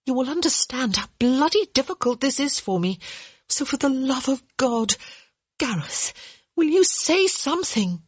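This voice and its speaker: A woman putting on a blunt, spirited young noblewoman, high and lo-fi. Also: very animated, breathy edge, no room sound, heavily acted. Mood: pleading. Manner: blunt, brisk. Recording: dull lo-fi dry recording.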